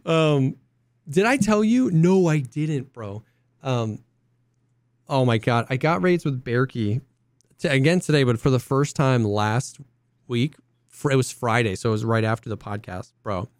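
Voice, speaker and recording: A young man co-hosting a casual podcast, an excitable storyteller who acts out quotes in high voices. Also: a little slow, no room sound, studio quality. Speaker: podcast co-host. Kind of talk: casual chat.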